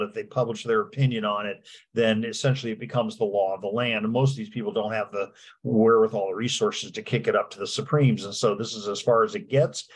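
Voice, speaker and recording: Guy teaching real estate law, kinda husky, lots of ums and uhs. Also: lowish voice. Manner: halting, many fillers and restarts. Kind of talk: lecture with slides.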